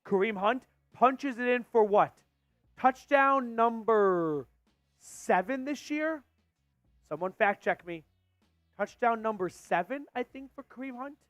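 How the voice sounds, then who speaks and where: A man hosting a live stream and calling a football game as a fan, getting excited and shouting on big plays. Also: high-pitched, dry recording. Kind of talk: fan play-by-play commentary.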